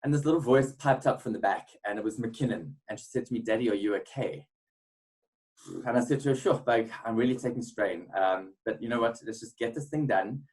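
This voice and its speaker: A man's voice: mid-range voice, quick pace, hardly any pauses, darkish tone, rough recording. A man gives a motivational webinar talk built on a personal story. He speaks earnestly, with frequent ums and repeated words. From South Africa. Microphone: webinar mic.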